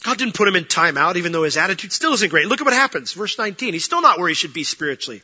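A man preaching a sermon, animated, swinging between loud bursts and hushed asides while acting out the quoted voices. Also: high voice, racing, slightly rough. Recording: dull lo-fi sound.

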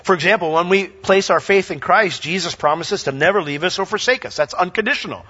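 An animated male pastor preaches with a high, bright voice, reading scripture aloud and acting out little exchanges. His voice rings through a long, reverberant hall. The recording is dull and lo-fi. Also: brisk, breathy edge. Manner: animated, acts out dialogue and reads scripture aloud. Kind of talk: sermon.

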